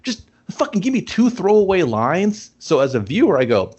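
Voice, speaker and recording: A man's voice: sits high, wildly swooping pitch, moderate pace, a little mellow, slightly rough. A man in casual chat reviewing a movie, rambling and profane, acting out scenes. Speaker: podcast co-host reviewing a movie.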